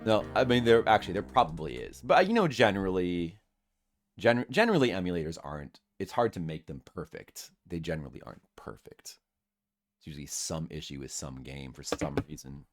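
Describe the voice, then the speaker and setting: A man's voice: low-pitched, lively intonation, fairly quick. A man streaming a game, rambling and self-deprecating as he chats with his viewers. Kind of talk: casual live-stream chat.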